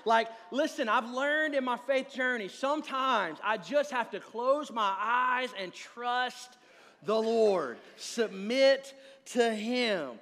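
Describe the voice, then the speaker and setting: A man in his thirties preaches to a congregation with a fairly high voice, telling stories in a loose, chatty manner. His words ring out with the long reverb of a big hall. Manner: conversational, animated storytelling with asides to the congregation. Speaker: pastor. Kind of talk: sermon with personal stories.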